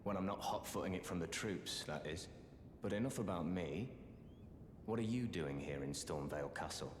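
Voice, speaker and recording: An actor playing a courteous, friendly wandering sorcerer in a video game, speaking in a polite, measured, gently wry way. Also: male voice, sits low, a little hiss or hum, lightly acted. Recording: echoey game audio with long reverb and music behind.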